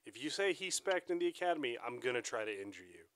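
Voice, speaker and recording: A man's voice: mid-range voice, very animated, fast, a bit bright, no room sound. Sarcastic man in dry close audio. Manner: blunt, sarcastic, profane. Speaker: podcast co-host. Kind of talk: casual chat.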